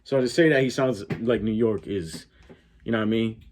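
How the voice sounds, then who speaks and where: A man's voice: on the low side, moderate pace, darkish tone. A man with a Connecticut accent doing reaction commentary, blunt and profane, talking back at the clip he is watching. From Connecticut, USA. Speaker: reaction YouTuber.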